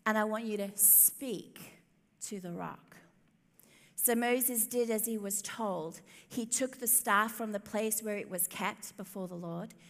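A woman's voice: on the high side, a bit bright. A woman preaching a sermon, telling the story expressively and with emphasis, in a church hall. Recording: long hall reverb.

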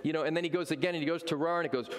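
A man's voice: on the high side, racing, in a large hall. A man preaching a sermon as a pastor, telling stories with energy and acting out voices. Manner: animated storytelling, acts out voices.

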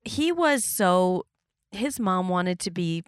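A woman in her thirties hosting a podcast, telling stories in a casual chat and jumping to high squeaky pitch when she quotes herself. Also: sing-song, takes it slowly, smooth, no room sound, studio quality. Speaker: podcast host.

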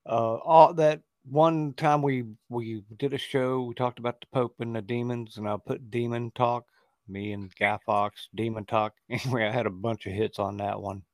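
A man's voice: medium pitch, fairly even intonation, normal speed, no room sound. A man guesting on a casual podcast, easygoing and laughing along. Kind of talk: casual chat.

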